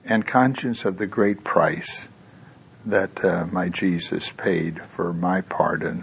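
A man's voice: low-pitched, fairly even intonation, slow pace, creaky, a little hiss or hum. A man preaching a sermon, who talks in a conversational way with tag questions and then leads into prayer. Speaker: pastor.

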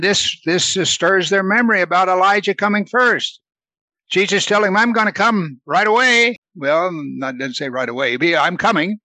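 A man teaching a Bible study in a conversational way, asking questions and answering them himself, reading verses slowly and then explaining them. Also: a little high, bright, forceful tone, no room sound. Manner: reads scripture slowly, then explains it casually.

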